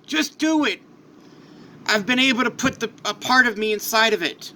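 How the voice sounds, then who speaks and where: A man voicing a male warrior torn between his gentle self and a darker side, strained and pleading. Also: very high voice, animated, normal speed, slight background noise, voice pushed up, heavily acted. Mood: desperate.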